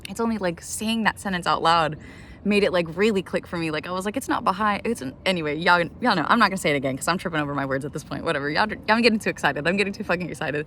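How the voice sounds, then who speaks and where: Rambling excitable young woman outdoors. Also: fairly low pitch, very fast, slight background noise. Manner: rambling, excitable, says "like" a lot, swears freely. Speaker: vlogger. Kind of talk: casual self-talk vlog. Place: outdoors in the sun.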